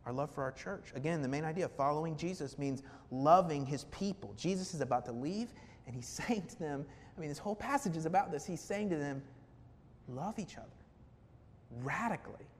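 A male pastor preaching a sermon earnestly, building emphasis through repetition and rhetorical questions. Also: a little fast. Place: church sanctuary. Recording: reverberant hall with faint rumble.

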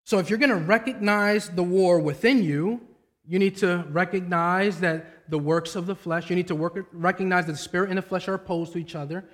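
A man's voice: high-pitched, a little fast, a bit bright. A man in his thirties preaching a sermon in a conversational, storytelling way, weaving in personal anecdotes. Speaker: pastor.

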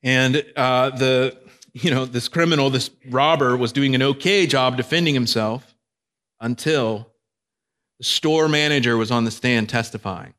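A man's voice: mid-range voice, a little slow, a bit bright. Male pastor, sermon delivery, conversational, engages listeners.

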